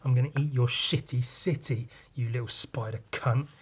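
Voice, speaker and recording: A man voicing a dismissive, foul-mouthed giant cosmic being with a husky voice. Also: mid-range voice, fairly even intonation, moderate pace, natural voice. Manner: dismissive, swearing.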